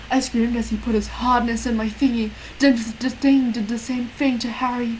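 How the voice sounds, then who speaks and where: A woman reads a fanfic aloud in a deadpan way, breaking off for wry asides. Her voice sits a little high, and a faint hiss runs under the recording. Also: moderate pace, hardly any pauses, low-quality recording. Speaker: reader. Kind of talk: dramatic comic reading of a fanfic.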